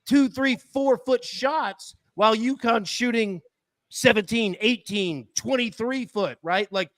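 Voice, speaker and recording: A man co-hosts a sports betting show with a high voice. He sounds eager and emphatic as he breaks down a game, leaning on "like". The sound is dry and close. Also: slow pace, a bit bright, no room sound. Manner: eager, emphatic, uses "like" a lot. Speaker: co-host. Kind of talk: casual sports analysis.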